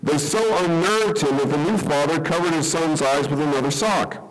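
A man's voice: fairly high pitch, normal speed, low-quality recording. Man preaching a story-led sermon. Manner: conversational, checks in with "okay?". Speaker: pastor.

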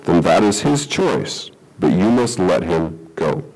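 A man voicing God in a sermon story, gentle and teasing. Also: sits low, very animated, slow, voice pushed down, full character voice, rough recording.

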